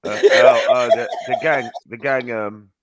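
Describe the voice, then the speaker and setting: A man's voice: medium pitch, huge pitch swings, measured pace. A man joining a live online panel over a video call, chatting casually in slang and laughing often. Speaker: panel guest. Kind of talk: casual chat.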